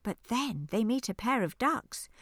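A woman reads a rhyming children's picture book aloud, her voice rising and dipping with animated expression. She takes her time, a touch higher than most. Recorded close in a dry studio. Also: unhurried, dry recording. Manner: expressive, rhyming sing-song delivery. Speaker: audiobook narrator. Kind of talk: children's storybook reading. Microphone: studio microphone.

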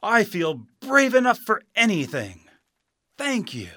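A man voicing a big male lion in a storybook reading, booming and drawn out. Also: lively intonation, slow pace. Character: big male lion, loud and newly brave.

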